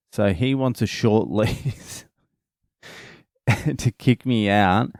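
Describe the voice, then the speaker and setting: A man's voice: deep voice, mellow, smooth, dry recording, clean studio sound. A man vlogging in a casual storytelling way, swearing freely as he retells conversations.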